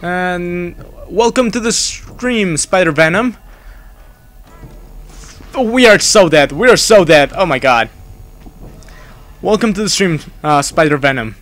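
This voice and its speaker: A man's voice: sits high, expressive, moderate pace, a bit bright. A man speaking English as a second language, nervously commentating his live gameplay, pleading and repeating himself. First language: not English. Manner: panicky, pleading and repetitive; swears when startled. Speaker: game streamer.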